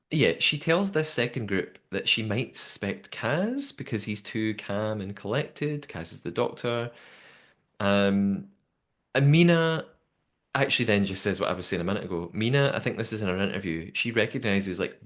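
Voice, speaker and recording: Young male podcast host, lowish voice, chatty lively recapper. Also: normal speed. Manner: chatty, lively storytelling with many fillers. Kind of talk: casual recap chat.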